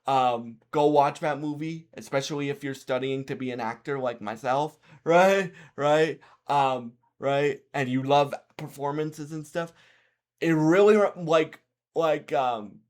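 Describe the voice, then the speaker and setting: A young man talks through a movie review, slow and unhurried, his voice sitting a bit high. He stops, restarts and repeats words often. When he turns to advice for viewers, he sounds earnest and encouraging. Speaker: film reviewer on his own channel. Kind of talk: casual spoken movie review.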